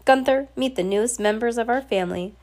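A woman's voice: fairly high pitch, fairly quick, darkish tone, pitched above the performer's own voice, close to an everyday voice. A woman with a cold voicing a timid, fussy wealthy man who speaks hesitantly and politely. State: has a cold, scratchy throat.

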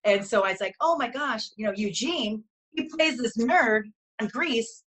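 A woman with a voice pitched a little high tells stories as a co-host on a chat show. She gushes and talks in an animated way. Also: moderate pace, low-quality recording. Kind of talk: casual chat.

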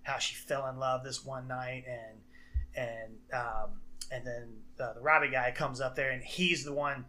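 A man's voice: mid-range voice, fairly even intonation, unhurried, pushed and bright. A man co-hosting a casual podcast, recapping a film plot in a rambling way, full of fillers and restarts. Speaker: podcast co-host. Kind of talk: casual chat.

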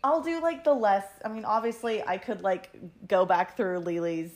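A woman's voice: medium pitch, normal speed, darkish tone. A woman co-hosting a book podcast, talking in a hesitant, filler-heavy way. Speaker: podcast co-host. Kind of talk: casual chat.

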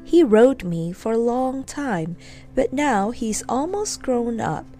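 A woman voicing a gentle, wise mother pony in a storybook reading, speaking in a soothing, motherly way. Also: fairly high pitch, big pitch swings, takes it slowly, faint music behind, voice pushed up.

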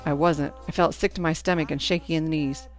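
A woman narrating a first-person storybook in an expressive, anxious telling. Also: sits low, quick pace, soft background music. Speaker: audiobook narrator.

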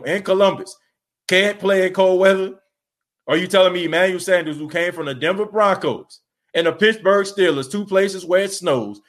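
A man hosting a sports podcast, ranting emphatically with repeated rhetorical questions and casual slang, tired after an overnight shift. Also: fairly high pitch. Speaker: podcast host. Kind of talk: fired-up solo sports podcast rant.

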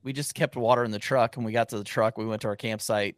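A man co-hosting a casual podcast, easygoing and teasing, quick to agree with his friend. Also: lowish voice, steady tone, no room sound, clean studio sound. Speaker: podcast co-host. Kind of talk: casual chat.

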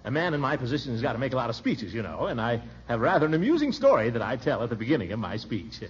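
An actor playing a blustering, flustered middle-aged official who stammers and chuckles, in 1940s radio acting style on a dull old recording. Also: male voice, mid-range voice, very animated, racing, lightly acted. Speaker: pompous small-town official.

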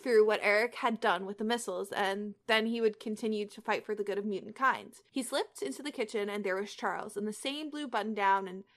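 A young woman podcast host reads fan fiction aloud and chats casually in a mid-range voice, talking a little fast with few pauses. She sounds hesitant, using many fillers and restarts.

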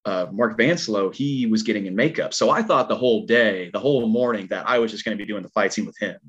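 A man working as a stunt performer tells a long story in casual chat, animated and rambling, with a twang in his speech. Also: on the low side, fast, husky, highs cut off. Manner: animated, rambling, heavy filler words.

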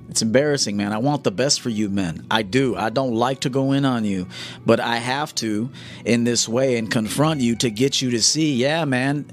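A man coaching his audience in a live-stream monologue, blunt and confrontational, often checking "okay?". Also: medium pitch. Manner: blunt, lecturing, confrontational, keeps asking "okay?".

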